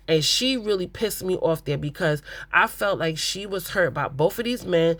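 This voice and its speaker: A reality TV recap host talks straight to the viewer with blunt, exasperated opinions and loose, chatty phrasing. The voice sits at a middle pitch and comes through dry and close, with no room sound around it. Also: animated, moderate pace, few pauses, fairly bright tone, dry recording. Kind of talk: casual recap commentary.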